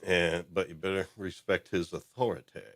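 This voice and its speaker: A man's voice: deep voice, steady tone, normal speed, a little hiss or hum. A man hosting a podcast in casual chat, greeting channel members. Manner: welcoming, reads out channel members. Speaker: podcast host.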